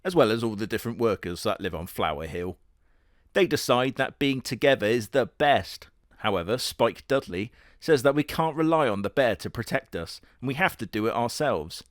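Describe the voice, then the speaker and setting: Sarcastic sweary guy doing reaction commentary, mid pitch, dry close mic. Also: moderate pace, dry recording. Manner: sarcastic, profane, deadpan jokes. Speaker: reaction video host.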